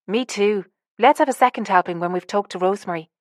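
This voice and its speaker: A woman narrator voicing an eager, excitable young woman in an audiobook. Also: medium pitch, quick pace, dry recording, clean studio sound, lightly acted.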